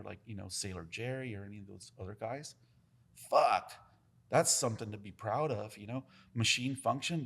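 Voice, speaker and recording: A tattoo artist, talking on a podcast. He is blunt and profane, and he keeps the stories coming with an animated, storytelling push. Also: mid-range voice, husky. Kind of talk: casual podcast conversation.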